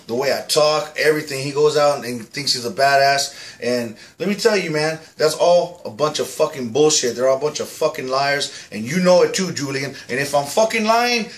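A man's voice: a little high, fairly bright tone. A man playing a boastful, foul-mouthed ex-con who insists he is the real Julian, talking to camera in a comic monologue. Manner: profane, aggressive, keeps saying "all right?".

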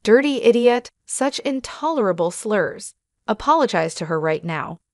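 A woman's voice: mid-range voice, moderate pace, no echo, studio quality, close to an everyday voice. A woman voicing a dignified gray-haired older executive who speaks formally and firmly. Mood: stern. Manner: calm, formal, firm.

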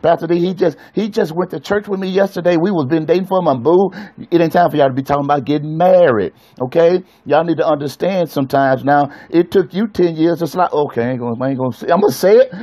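A man's voice: sits high, a little mellow. A man, a pastor, preaching in an emphatic, colloquial way and speaking straight to his listeners on a live stream.

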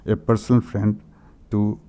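Halting Indian English man, dark voice. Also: lowish voice, little pitch movement. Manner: hesitant, many "uh" fillers and throat-clearing. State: emotional, voice breaking. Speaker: memorial meeting speaker. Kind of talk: halting tribute reading.

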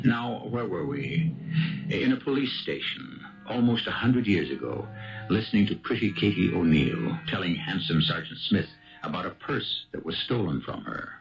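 A man hosting and narrating a 1970s radio mystery drama in a measured storytelling manner. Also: sits low, animated, vocal fry. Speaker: host. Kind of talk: scripted narration. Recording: dull lo-fi 1970s radio broadcast with music.

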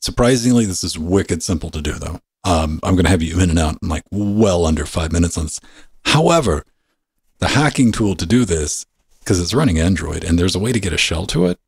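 A man hosting a podcast in casual, profane, rambling banter, his pitch sometimes leaping up suddenly. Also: animated, fairly quick, vocal fry, slightly rough, no room sound. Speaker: podcast host.

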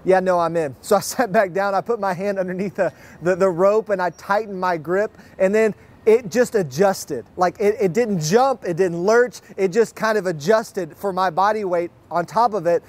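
Lively pastor with a high voice. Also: male voice, normal speed. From Fort Worth, Texas. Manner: lively storyteller, acts out quotes. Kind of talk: sermon with personal storytelling. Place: online church service.

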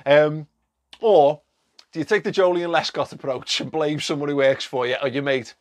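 Animated, sweary male vlogger. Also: on the high side, normal speed. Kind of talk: casual commentary to camera.

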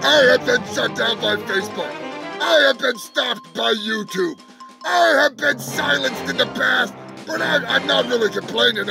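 A man plays a loud, self-important alien opinion-monger in a comedy sketch, ranting and swearing at humans in a very high, gravelly voice. Music plays clearly behind him. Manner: ranting, shouting, swearing, insulting. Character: brash foul-mouthed male alien pundit, loud, ranting, full of himself. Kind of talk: comedic character rant.

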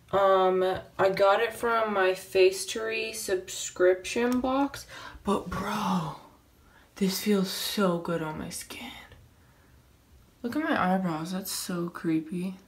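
A young woman vlogging casually as she unboxes beauty products, gushing and excitable with frequent gasps. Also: medium pitch, slight background noise.

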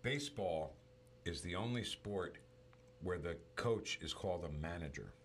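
A man with a very low, deep voice talks casually, spinning stories and retelling scenes with relish. A faint hiss of noise sits under the recording. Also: moderate pace. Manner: storytelling, animated retelling. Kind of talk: casual movie chat.

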